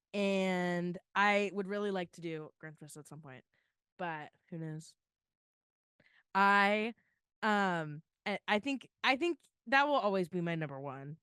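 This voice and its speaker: A woman's voice: medium pitch, clear, resonant tone, no room sound, clean studio sound. A young woman co-hosting a podcast, chatting casually and gushing with emotion, full of "like" fillers. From Florida. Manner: gushing, tearful excitement, lots of "like". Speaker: podcast co-host.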